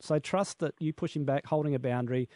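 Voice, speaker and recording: A man's voice: on the high side, quick pace, a little mellow, no room sound. A man giving a caller reassuring, earnest on-air advice. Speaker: radio show expert advising callers.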